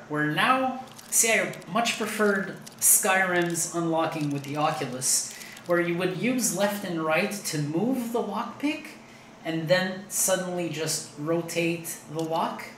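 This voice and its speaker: A woman's voice: lowish voice, expressive, a little slow, fairly bright tone, echoey room, a little hiss or hum, rough recording. A woman hosting a gaming video, chatting casually over her play and thinking aloud with fillers. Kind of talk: casual gameplay commentary.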